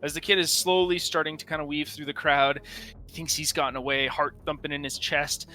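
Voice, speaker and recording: A man's voice: a little high, level tone, brisk, sharp tone, faint music behind. A man running a tabletop game as game master, narrating casually with frequent swearing and hesitations.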